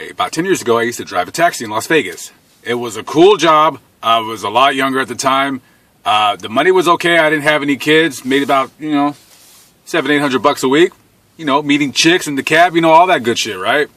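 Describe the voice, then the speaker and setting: A man's voice: medium pitch, brisk, fairly bright tone, no echo. A man in his thirties telling a personal story in a blunt, profane, casual way, often laughing as he goes.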